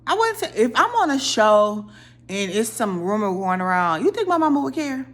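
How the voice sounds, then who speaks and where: A young woman casually ranting about a reality show, opinionated and animated, her voice jumping up when she quotes people. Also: fairly high pitch, normal speed. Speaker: reality TV commentator.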